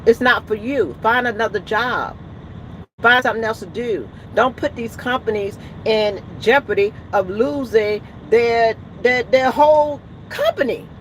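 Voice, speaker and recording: A woman's voice: fairly high pitch, measured pace, a little hiss or hum. A woman truck driver, ranting in a vlog and retelling her conversations with emphatic, indignant outbursts. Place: in or by a truck at a roadside.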